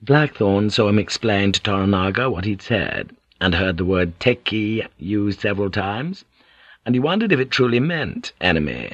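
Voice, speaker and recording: A man reading a historical novel aloud as a narrator, measured and steady, changing his voice for the characters. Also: fairly low pitch, dry recording. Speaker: audiobook narrator. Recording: dull, dry studio sound.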